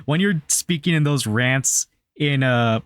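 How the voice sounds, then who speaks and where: A man co-hosting a casual movie podcast, relaxed and loose, adding trivia and casual swearing. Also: medium pitch, slow, smooth, no echo. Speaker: podcast co-host. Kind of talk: casual movie review chat.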